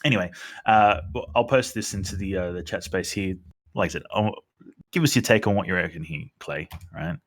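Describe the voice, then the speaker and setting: Low-voiced man telling a rambling story. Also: a little fast. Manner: rambling, filler-heavy storytelling. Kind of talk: casual chat.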